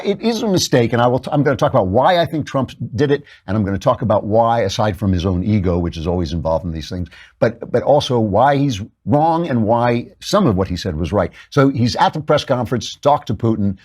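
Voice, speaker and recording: A man's voice: on the low side, lively intonation, fairly quick, a little mellow, slightly rough. A man hosting a show, giving a sarcastic, mocking political commentary monologue. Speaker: show host.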